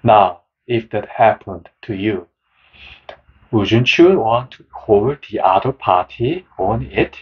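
Slow, husky male narrator. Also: mid-range voice, darkish tone. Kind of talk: scripted narration of a book summary. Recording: dull, lo-fi sound.

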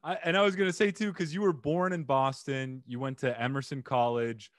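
A male podcast host who asks questions in a casual, chatty way. He laughs easily and answers the stories with quick exclamations. His voice sits at a middle pitch and sounds close and dry, with no room around it. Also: steady tone, no room sound. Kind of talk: casual interview.

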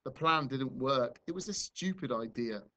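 A man's voice: medium pitch, expressive, normal speed, sharp tone. A man voicing a proud, wary female street cat in a read-aloud story, speaking curtly and dismissively.

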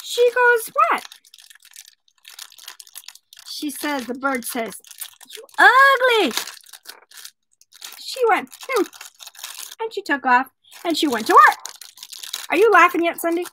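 A woman hosting a relaxed jewelry vlog, chatting and joking with her viewers. Her voice is high, bright and animated, swooping up and down. She takes her time as she talks. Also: normal speed, a little hiss or hum, low-quality recording. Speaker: jewelry seller. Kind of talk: casual product vlog with joke telling.

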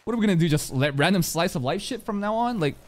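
An anime reaction streamer giving excitable, profane live commentary, talking straight at the screen. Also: mid-range voice, fast talker, a little hiss or hum.

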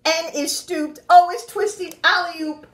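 This teacher's extremely high, slow voice animates a picture book for young children, complete with gasps and playful sound effects, and she then gives the class instructions. A roomy echo colors the audio.

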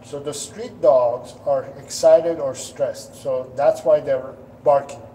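Slow, mellow-voiced man giving dog advice. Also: medium pitch, steady tone, recorded from a distance, a little hiss or hum, low-quality recording. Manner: patient, explanatory, acts out dogs' thoughts in playful voices. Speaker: dog trainer hosting a live Q&A. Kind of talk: casual live-stream advice. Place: indoors at home, dogs nearby.

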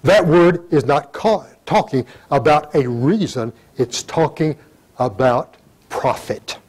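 An older man giving a sermon, reading scripture in old-fashioned wording and breaking into sudden loud emphatic rises. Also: on the high side, takes it slowly, slightly rough, low-quality recording. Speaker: pastor.

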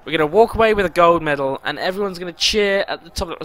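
A man's voice: sits high, racing, hardly any pauses, bright, forceful tone. A man giving let's play commentary, talking anxiously to himself and swearing. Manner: anxious, swearing self-talk. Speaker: gaming commentator. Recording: game music behind. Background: racing game music.

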